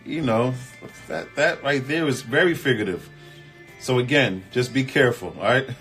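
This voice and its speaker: A man hosting a casual relationship advice chat, reading viewer comments and answering in an animated, emphatic, colloquial way. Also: medium pitch, normal speed, faint music behind. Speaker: host.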